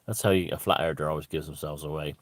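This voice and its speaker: A man's voice: very deep voice, fairly even intonation, quick pace, no echo, clean studio sound. A middle-aged Irish man giving a profane, sarcastic ranting monologue, full of "you know". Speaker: satirist.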